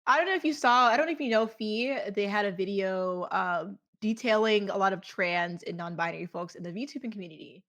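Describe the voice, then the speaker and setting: A woman in her twenties, a guest in a casual chat, animated and outspoken with casual swearing. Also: mid-range voice, brisk, hardly any pauses. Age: 20s.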